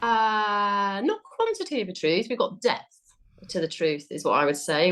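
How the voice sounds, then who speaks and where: A woman speaking as an interview guest in a slightly low voice. She talks in a chatty way, dotted with ums, and she often stops to correct herself mid-thought. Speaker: research guest. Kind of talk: conversational interview.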